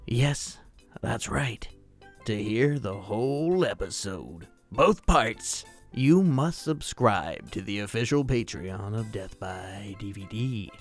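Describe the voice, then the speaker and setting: A man, the podcast's host, reading a deliberate, scripted promo. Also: mid-range voice, lively intonation, creaky, soft background music.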